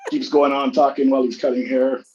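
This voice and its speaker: A man chatting casually on a livestream, an animated storyteller who gets loud and high-pitched when he reenacts arguments. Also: a little fast. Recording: slightly dull sound with faint background noise.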